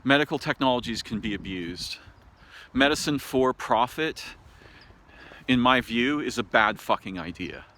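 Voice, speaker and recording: An American man speaking an unscripted monologue to camera, thoughtful and halting, with many pauses, fillers and restarts. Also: mid-range voice, animated, pushed and bright, a little hiss or hum. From United States. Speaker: video essayist. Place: home in a city. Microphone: camera mic.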